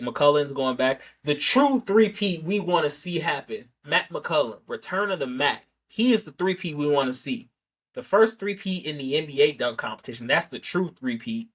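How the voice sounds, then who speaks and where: On his sports podcast, a man rambles through a casual opinion piece, peppered with self-corrections and "right?" asides. His voice is mid-range with a fairly bright tone.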